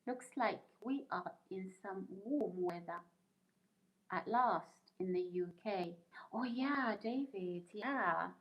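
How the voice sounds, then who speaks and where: A woman's voice: mid-range voice, slow pace, lo-fi sound. A middle-aged woman hosting a live stream, chatting casually, laughing often and answering viewer comments as she reads them out. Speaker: livestream host reading viewer comments.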